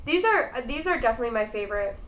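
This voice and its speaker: Chatty young woman, slightly high voice. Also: lively intonation, rapid-fire, fairly bright tone, a little hiss or hum. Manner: rambling, chatty, heavy use of "like". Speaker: mukbang host. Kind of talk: casual chat while eating. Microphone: phone. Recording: roomy phone recording.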